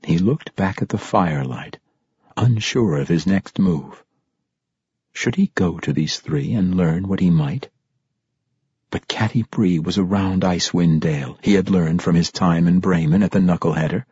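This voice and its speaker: A man reading a fantasy audiobook in a measured, dramatic storytelling manner. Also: low voice, warm tone, slightly rough, no room sound, dull audio. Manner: measured, dramatic storytelling that lifts for tense moments. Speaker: audiobook narrator. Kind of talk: scripted fantasy audiobook narration.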